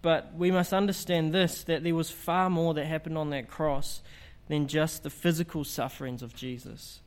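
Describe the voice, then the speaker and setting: Male preacher, slightly raised pitch, earnest and emphatic delivery, sermon. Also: fairly even intonation, moderate pace, smooth. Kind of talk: evangelistic sermon.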